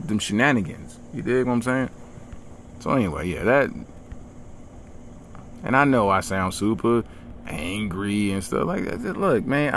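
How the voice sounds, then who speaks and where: A man hosting a comedy podcast, telling stories in an animated, slangy, mock-aggressive rant. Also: mid-range voice, slight background noise. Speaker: podcast host.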